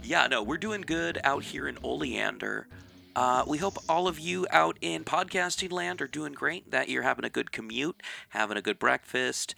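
Bright gravelly guy hosting a podcast, lots of ups and downs, laughs a lot. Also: medium pitch, no echo. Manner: laughing, rambling, animated. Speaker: podcast co-host. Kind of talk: casual podcast chat.

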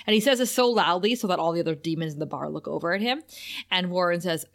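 Podcast co-host, woman, mid-pitched voice, casual recap of scenes. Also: lively intonation, fast, fairly bright tone. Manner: recounts scenes by reading out character lines.

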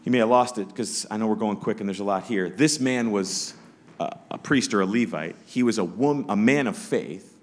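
A man's voice: lowish voice, normal speed. A pastor preaching a Sunday sermon in church, conversational, acting out the voices of Bible characters as he tells the story.

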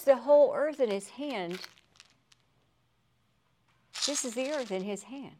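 A middle-aged woman gives a relaxed, conversational Bible lesson with a lot of warmth in the telling. She keeps turning to her listeners with tag questions, and she laughs often as she speaks. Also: high voice, slow, slight background noise. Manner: chatty, with rhetorical tag questions. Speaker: Bible teacher. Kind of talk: casual devotional teaching.

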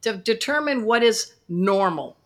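A woman pet care expert talks as a podcast guest. Her voice is bright and forward. She teaches playfully and likes to use rhymes. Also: fairly high pitch, expressive, unhurried. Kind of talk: podcast interview.

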